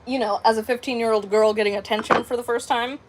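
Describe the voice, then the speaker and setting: High-voiced chatty woman telling a story. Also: fast talker. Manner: rambling, heavy on "like" and "um", with animated quoted dialogue. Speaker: crafting channel host. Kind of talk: casual storytime chat.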